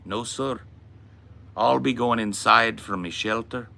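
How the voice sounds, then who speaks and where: A man's voice: mid-range voice, unhurried, creaky, sharp tone, voice pushed up. A man voicing a hammy stage Irishman with a put-on Irish accent and old-fashioned phrasing. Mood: jaunty. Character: hammy stage Irishman on his little island.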